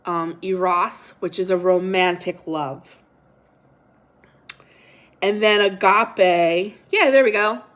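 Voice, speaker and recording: A woman's voice: medium pitch, fairly even intonation, slow pace, fairly bright tone. Chatty middle-aged woman hosting a livestream. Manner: chatty, reads viewer comments and scripture aloud; unsure on pronunciations, repeats herself. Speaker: livestream host. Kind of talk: casual livestream devotional chat.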